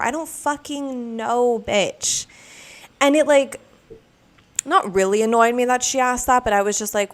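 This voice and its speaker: Exasperated woman ranting casually. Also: medium pitch. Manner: animated, exasperated, swears often. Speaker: podcast host. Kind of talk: casual solo rant.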